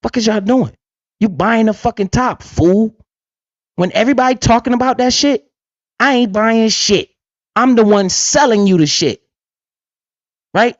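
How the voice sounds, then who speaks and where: A man's voice: high-pitched, moderate pace, long pauses, no echo. Profane, swaggering man on a lo-fi stream. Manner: profane, swaggering, repeats "right?". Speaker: livestream host. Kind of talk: casual livestream rant. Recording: dull lo-fi dry sound.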